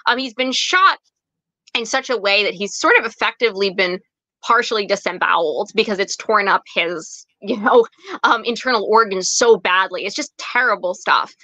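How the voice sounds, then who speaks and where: Woman, guest author, animated storytelling, bright voice, dry close sound. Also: medium pitch, moderate pace, no room sound, rough recording. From United States. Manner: animated, dramatic retelling with many fillers. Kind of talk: historical storytelling.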